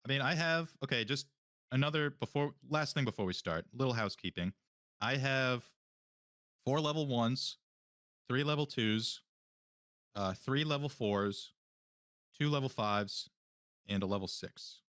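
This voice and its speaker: A man's voice: medium pitch, animated, measured pace, pauses often, a bit bright, no room sound, studio quality. A man playing a tabletop game, talking casually, rambling with fillers and the odd swear word. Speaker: player.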